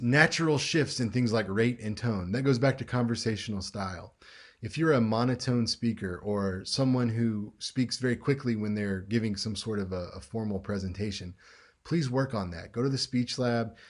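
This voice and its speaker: A man teaching a recorded class lecture in a conversational way, acting out example lines with lively shifts in tone. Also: medium pitch.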